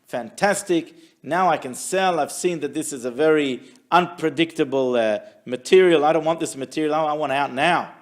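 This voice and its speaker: A man's voice: on the high side, moderate pace, hardly any pauses, lightly acted. A man acting out a businessman who worries over a business deal and talks to himself in a fretful way. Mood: eager. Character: anxious businessman weighing a deal.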